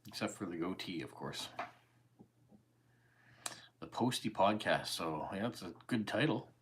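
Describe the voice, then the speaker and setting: A calm, easygoing Canadian man in his forties with a very deep voice, chatting casually with viewers on a live stream. He sounds unhurried and relaxed, and a faint hiss sits under his voice. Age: 40s. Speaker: YouTube host. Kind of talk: casual livestream chat answering viewer comments.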